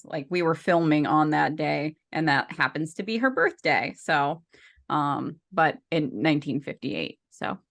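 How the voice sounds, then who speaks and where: Podcast co-host, female, low-pitched, chatty and loose, lots of ums and restarts. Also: a bit bright. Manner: chatty, rambling with many fillers and restarts. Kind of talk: casual podcast chat.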